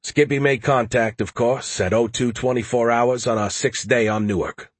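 A man's voice: medium pitch, fairly even intonation, moderate pace, slightly rough, dry recording. A man narrating a first-person audiobook with a wry, dry-humored delivery.

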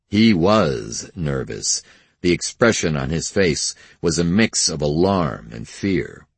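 Deep husky male narrator for a crime novel, dry close sound. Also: no echo. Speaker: audiobook narrator. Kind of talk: scripted narration.

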